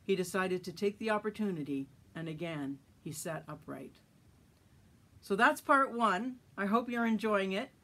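A woman reads her own story aloud for her podcast. Her narration is steady and measured, at an ordinary middle pitch. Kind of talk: story reading.

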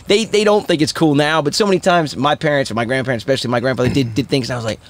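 A man in his forties, a podcast guest from the Philadelphia area, telling stories in an animated, casual way. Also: mid-range voice, very fast. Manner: animated, jumps into voices while telling stories. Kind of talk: casual storytelling chat.

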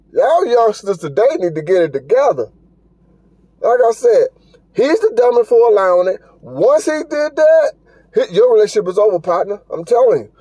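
A high-pitched but mellow man gives casual reaction commentary on his podcast. He is blunt and profane and scolds his listeners. The recording is dry and close. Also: husky, no room sound. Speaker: podcast host.

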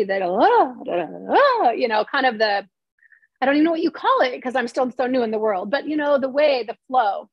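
High-voiced woman telling stories animatedly. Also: no echo, rough recording. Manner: animated, fast storytelling with many restarts. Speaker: screenwriter and novelist guest. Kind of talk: casual interview talk.

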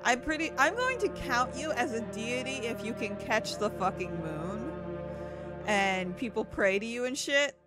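A woman talks through a video game in a casual, offhand way, cracking jokes and swearing freely. Her voice sits high and moves lively up and down. Video game music plays clearly under her. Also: a little slow. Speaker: gaming commentator. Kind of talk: casual let's-play commentary.

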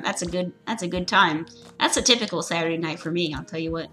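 Over soft background music, a woman with a lowish, bright and forceful voice talks fast while playing a game. She reads the on-screen text aloud in casual let's play style, giggling through crude, offhand jokes.

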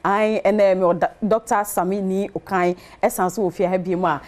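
A woman's voice: mid-range voice, fairly even intonation, fairly quick, darkish tone. A woman hosting a TV chat show, talking in a sing-song way and repeating words in rhythmic runs. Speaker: talk show host. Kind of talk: lively TV chat show hosting with on-air promos.

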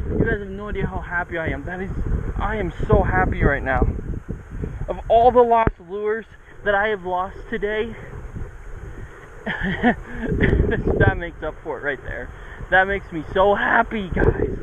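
Excitable high-voiced man fishing outdoors. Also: lo-fi sound. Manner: excitable, talks to viewers and fish. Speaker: fishing vlogger. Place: outdoors by a river. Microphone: action camera. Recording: noisy outdoor camera audio. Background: river water and wind.

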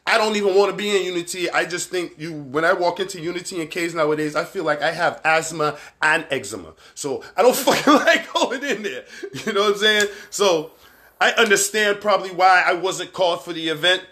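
A man with a Barbadian accent hosting a livestream show, talking candidly and with plenty of profanity, rambling between points and shouting out viewers by name. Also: a little high. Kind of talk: casual live-stream commentary.

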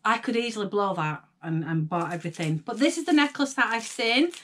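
A young woman with a Northern English accent, chatting excitedly to viewers as she unboxes jewellery. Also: medium pitch, brisk. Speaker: vlogger. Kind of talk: casual unboxing chat.

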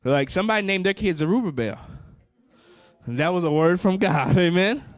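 A man's voice: high voice, animated, moderate pace, no echo. A male pastor preaching a fervent sermon, repeating phrases and calling out to the congregation.

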